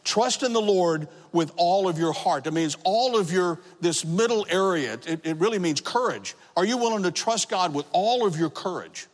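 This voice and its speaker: A man with a high, light voice preaches to his congregation. His testimony swings from hushed to shouting. Long reverb hangs after every phrase in the large hall. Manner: emotional testimony, rising to shouts. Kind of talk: sermon.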